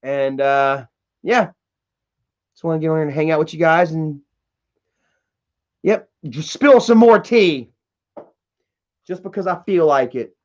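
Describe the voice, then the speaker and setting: A man's voice: a little high, measured pace, long pauses, lo-fi sound. A man livestreaming from home, reading chat messages aloud and ranting in a heated, profane way. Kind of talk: casual livestream rant.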